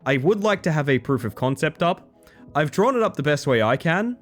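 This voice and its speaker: A man's voice: a little high, big pitch swings, a little fast, faint music behind. A young adult man casually commentating on a game stream, telling stories in a joking way. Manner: joking storyteller.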